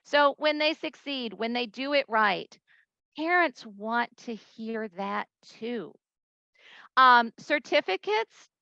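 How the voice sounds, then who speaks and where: A woman presenting a conference talk to teachers, a lively storyteller who acts out the voices she quotes. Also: a little high, slow pace, creaky, no echo, muffled recording.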